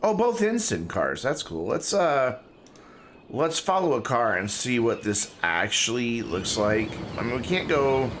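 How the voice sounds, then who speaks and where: A man's voice: medium pitch, expressive, measured pace, fairly bright tone, a little hiss or hum. A man giving casual, chatty live-stream commentary while playing a game, talking to himself and to his chat. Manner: talking with mouth full.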